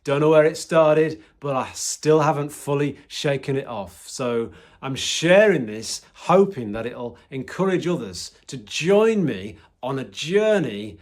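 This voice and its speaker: A man's voice: mid-range voice, animated, unhurried, few pauses. Man, medium voice, teaching on faith through his own story; candid, reflective, bursts of emphasis. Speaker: Christian teacher. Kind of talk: personal devotional talk.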